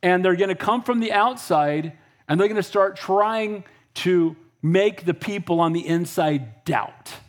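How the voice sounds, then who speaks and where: A male pastor delivers a lively sermon in a high, bright voice. He talks plainly and bluntly, mixing scripture with off-the-cuff asides and calls of "Amen?". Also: a little slow. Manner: energetic and conversational, often asks "Amen?" and blunt asides.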